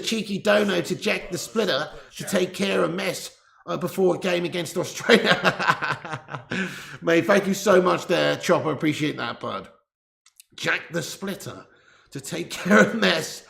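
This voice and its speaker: Hosting a casual live football watch-along, a man laughs frequently as he reads out viewer messages in a heavily gravelly, slightly high voice with a bright, forceful tone. He sounds distant from a laptop mic set to high gain in an echoing indoor room.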